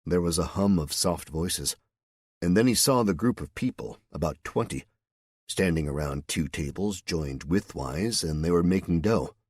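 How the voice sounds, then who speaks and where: Low-voiced male narrator, husky, steady storyteller. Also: normal speed, dry recording, studio quality. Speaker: audiobook narrator. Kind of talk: scripted audiobook narration.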